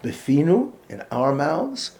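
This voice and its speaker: A man giving an earnest, halting talk on raising children in a religious community. He restarts often, sprinkles in Yiddish and Hebrew words, and drops almost to a whisper to stress a point. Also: fairly high pitch, sing-song, a little mellow. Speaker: speaker on Jewish education. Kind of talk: informal talk or lecture.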